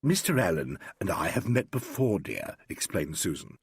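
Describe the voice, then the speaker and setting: A man reading an audiobook, voicing a motherly, sensible old actress in a low, soothing, gruff voice. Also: very animated, moderate pace, dry recording, clean studio sound, heavily acted.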